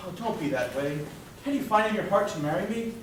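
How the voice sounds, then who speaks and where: An actor on stage playing an earnest, smitten young groom who pleads in a bright, crooning manner. Heard from a distance in an echoey hall with music. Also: male voice, high voice, lively intonation, fast, slight background noise. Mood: pleading.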